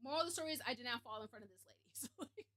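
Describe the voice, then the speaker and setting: A woman streamer telling a story to her live chat in a casual way, animated and frank, laughing often and swearing freely. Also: on the high side, rapid-fire.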